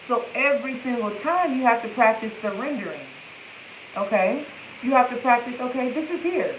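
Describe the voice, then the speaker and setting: A woman talks straight into her phone like a healing coach on a live stream. Her voice sits a little high, and she leans into emphatic, repeated affirmations. The room around her is echoey, with a faint hiss under the sound. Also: animated, moderate pace. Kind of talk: live-stream self-help talk.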